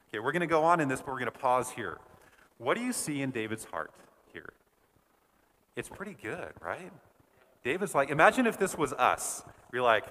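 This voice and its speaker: A man leading a Bible study, reading scripture aloud and explaining it in a conversational, animated way. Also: medium pitch, brisk, long reverb tail. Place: church. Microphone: wore a face mask at first.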